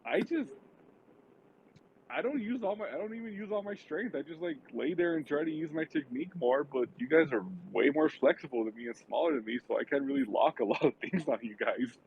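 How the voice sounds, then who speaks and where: A man's voice: on the high side, brisk, phone-quality sound, a little hiss or hum. A man chatting casually on a podcast about martial arts, often stammering and repeating words. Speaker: podcast guest, judo and jiu-jitsu student. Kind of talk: casual chat.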